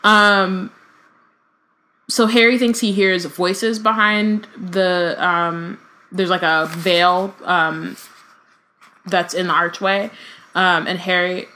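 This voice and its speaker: A woman's voice: fairly low pitch, fairly even intonation, takes it slowly, long pauses, pushed and bright. A woman reading a novel aloud and chatting casually, with many fillers and self-corrections.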